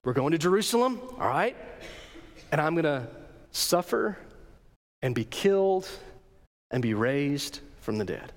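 A man voicing Jesus as a calm grown man calmly laying out a grim plan, low and steady. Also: measured pace, pauses often, in a large hall. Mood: solemn.

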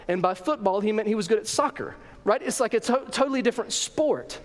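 A man preaching a sermon as a pastor, telling the story in a lively way and acting out the voices. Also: sits high, fast, hardly any pauses, long reverb tail.

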